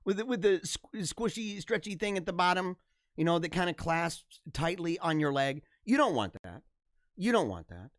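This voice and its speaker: A man hosting a live stream, chatting casually in a rambling, energetic way and laughing often. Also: sits high, moderate pace, dry recording, clean studio sound. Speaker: livestream host.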